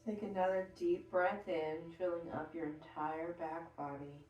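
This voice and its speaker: A woman guiding a yoga class with slow, soothing breath cues. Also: fairly low pitch, level tone, far from the mic, highs cut off. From Texas. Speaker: yoga teacher. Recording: roomy sound from off the mic.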